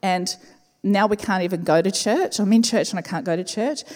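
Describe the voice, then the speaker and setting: A woman, a pastor telling a personal story in a sermon, expressive and slowing down to repeat key words. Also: medium pitch. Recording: reverberant church hall with faint music.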